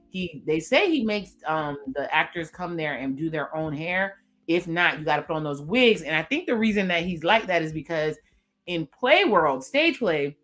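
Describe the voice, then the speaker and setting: Lower-voiced woman chatting casually. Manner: chatty, expressive, reads character lines aloud. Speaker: reaction video host. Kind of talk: casual commentary recapping a TV episode.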